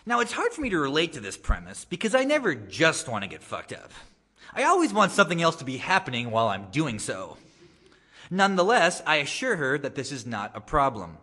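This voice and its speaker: An author reads his own essay aloud at a gallery, with wry, deadpan humor and lively swings in pitch. His voice is bright and a little higher than most men's. A long reverb trails each line. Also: brisk, slightly rough. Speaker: guest author giving a reading. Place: art gallery, live reading.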